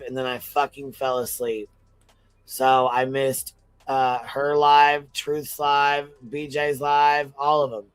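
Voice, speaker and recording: Male panel guest, mid-pitched, loose and profane, drifting chatter. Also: flat delivery, measured pace, clean tone, no room sound, low-quality recording. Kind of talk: casual livestream chat.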